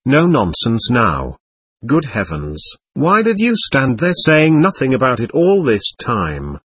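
Impetuous bossy girl, read by a husky man. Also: medium pitch, sing-song, moderate pace, dry recording. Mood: urgent. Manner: urgent, bossy. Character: impetuous, imperious teenage girl.

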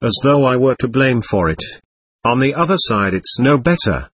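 A man reading as a sly, husky servant. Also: medium pitch, animated, dry recording. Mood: complaining. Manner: deliberate, affectedly polite. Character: sly, servile male manservant, insinuating.

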